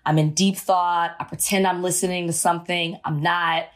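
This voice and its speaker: A woman's voice: fairly low pitch, level tone, normal speed. A chatty woman in her thirties co-hosting a casual podcast. She talks in an easygoing, conversational way, drifts into personal stories and laughs readily. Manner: chatty, laughs easily, storytelling. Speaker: podcast co-host. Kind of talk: casual chat.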